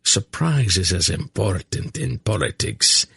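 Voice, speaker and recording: A male narrator voicing a shrewd middle-aged emperor who talks in a measured, bland way. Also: deep voice, sing-song, gravelly, a bit bright, breathy edge, no room sound, clean studio sound, heavily acted. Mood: confident. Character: clever bland male emperor, former general.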